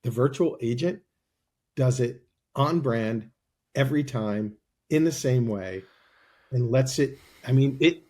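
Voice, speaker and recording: A man as a guest on a podcast interview, explaining his company's service in a persuasive sales-pitch way. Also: a little slow, long pauses, mellow.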